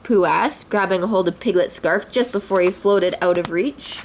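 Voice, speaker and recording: A woman's voice: lowish voice, normal speed. A woman reading a children's story aloud expressively, a mother voicing the characters.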